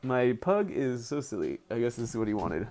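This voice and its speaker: A man streaming live, reading a book aloud and breaking off into casual chat at home with his dogs around, animated and quick to laugh, often correcting himself mid-sentence. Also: medium pitch, slight background noise. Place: home, with pet dogs nearby.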